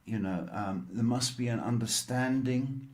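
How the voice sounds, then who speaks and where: Slow, rambling man giving psychic advice. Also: mid-range voice. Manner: slow, rambling, many fillers, calls callers "baby". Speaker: psychic reader and show host. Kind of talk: livestream reading and advice.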